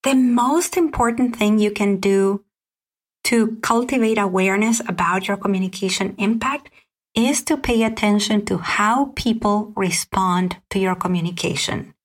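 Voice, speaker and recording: Calm woman hosting a solo podcast. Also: medium pitch. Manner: calm, measured, lists questions one by one. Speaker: podcast host. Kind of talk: scripted solo podcast teaching.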